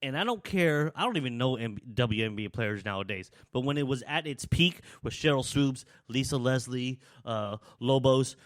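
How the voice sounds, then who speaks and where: A man hosts his own talk show, speaking in a loose, rambling monologue full of restarts and asides. His voice sits at an ordinary middle pitch, and he sounds a little out of breath as he goes. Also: animated, moderate pace, few pauses. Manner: rambling, conversational, frequent restarts. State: slightly out of breath. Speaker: podcast host. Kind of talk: casual opinion monologue.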